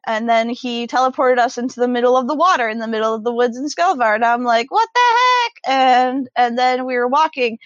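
A woman's voice: fairly high pitch, a bit bright, no echo, dull audio. A woman breathlessly recapping the last game session as a player, in long run-on sentences full of fillers. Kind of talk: rambling excited game recap.

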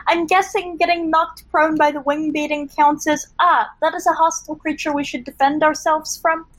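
A woman's voice: high voice, level tone, normal speed, poor audio. A woman playing a tabletop game, thinking aloud with frequent fillers. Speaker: player.

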